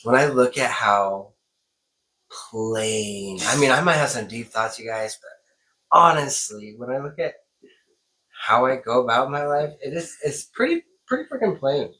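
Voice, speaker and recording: A young man chatting casually as a co-host, animated and thinking aloud with restarts. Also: medium pitch, measured pace, rough recording. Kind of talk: casual chat.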